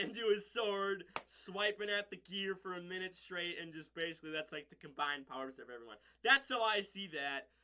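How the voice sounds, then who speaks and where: Casual male vlogger, high and sharp-toned, loose rambling recap full of "um" and "like". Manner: rambling, many fillers and restarts, laughs at own slips. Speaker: episode reviewer.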